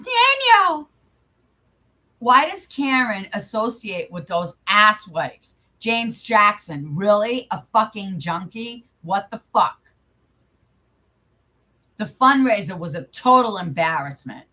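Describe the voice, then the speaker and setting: A woman's voice: medium pitch, bright, forceful tone. A young woman hosting her channel, casually commenting live in an angry, profane, rambling way. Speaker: channel host.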